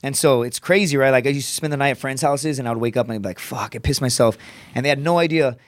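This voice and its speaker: A man, a comedian and former Marine, telling a rough story on a podcast in blunt, profane language. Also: mid-range voice, dry recording. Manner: profane, rapid, animated storytelling.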